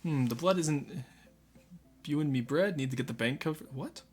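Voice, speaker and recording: A man's voice: fairly high pitch, moderate pace, slightly rough, soft background music. Chatty man streaming a game. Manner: chatty, joking, talks to chat. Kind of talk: casual live game commentary.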